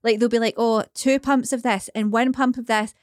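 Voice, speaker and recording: A woman's voice: on the high side, fairly even intonation, moderate pace, no echo, clean studio sound. Chatty Glaswegian woman co-host. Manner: chatty, swears freely. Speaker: podcast co-host. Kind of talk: casual chat, reading listener messages.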